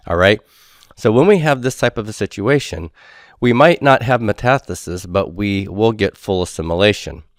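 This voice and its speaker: Man, deep low voice, grammar lecture, patient step-by-step teaching, dry close sound. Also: dry recording. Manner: patient, explains step by step, checks in with "okay"; sounds out words slowly and repeats them. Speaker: Biblical Hebrew instructor.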